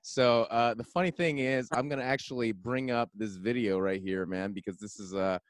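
A man's voice: medium pitch, fairly even intonation, normal speed, no room sound, studio quality. A man hosting a casual interview, easygoing, often saying "man". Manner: easygoing, calls guest "man". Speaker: interview host.

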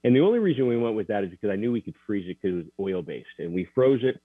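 A man recounting a personal story as an interview guest, earnest and halting, with many restarts. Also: on the low side, sing-song, dry recording. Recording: tinny dry phone line.

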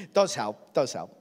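A man preaches, slipping into loose asides and quick laughs at his own expense. His voice sits a little high, and the words carry a long reverb through a big church hall. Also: slightly rough. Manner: chatty, self-deprecating, laughs often. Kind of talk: sermon.

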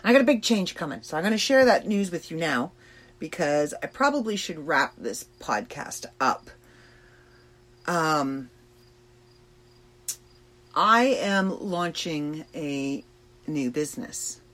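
A woman hosting a podcast, talking slowly and thoughtfully about personal struggles with pauses and fillers. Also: low-pitched, lively intonation, a bit bright. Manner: slow, reflective and emotional, with pauses and fillers. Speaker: podcast host. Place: trailer in a backyard.

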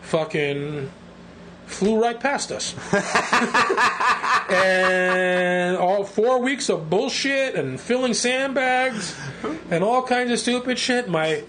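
A middle-aged New York man spins loose, profane anecdotes and acts out every voice in them. His voice sits a little high, and a faint hiss runs under it. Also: extremely slow. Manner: profane, animated storyteller who acts out quotes. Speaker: guest, band singer. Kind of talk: casual storytelling interview.

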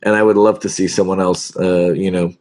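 Animated, self-deprecating middle-aged man. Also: low-pitched, fairly quick. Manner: animated, self-deprecating, acts out quoted lines. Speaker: voice actor guest. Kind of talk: casual interview storytelling.

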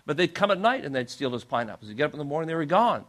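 A male pastor telling a story in a sermon, animated and acting out the people in it. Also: a little high, racing. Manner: animated storyteller, acts out quoted voices.

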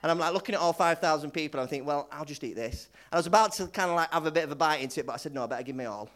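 A man's voice: on the high side, racing, a bit bright, voice pushed down, natural voice. A man voicing a young boy who chattily tells, in the first person, how he gave away his lunch. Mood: musing. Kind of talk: sermon storytelling in character.

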